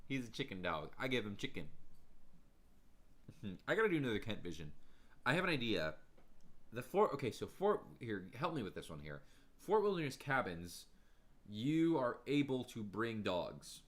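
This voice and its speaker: An energetic man hosts a relaxed livestream from his home. He chats freely with his viewers and laughs often. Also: medium pitch, normal speed, pauses often. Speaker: livestream host. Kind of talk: casual livestream chat.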